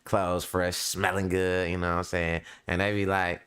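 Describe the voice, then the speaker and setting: A man's voice: low voice, little pitch movement, normal speed, hardly any pauses, a bit bright, smooth. A middle-aged man hosting a show, chatting casually to his audience in a laid-back, slangy way, laughing often and repeating "you know what I'm saying". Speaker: show host. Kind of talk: casual monologue to a live audience.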